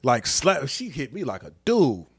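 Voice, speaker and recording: A man's voice: medium pitch, wildly swooping pitch, measured pace, creaky, slightly rough, dry recording, studio quality. A middle-aged man hosting a casual chat show, talking loosely in slang and laughing often. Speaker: podcast host.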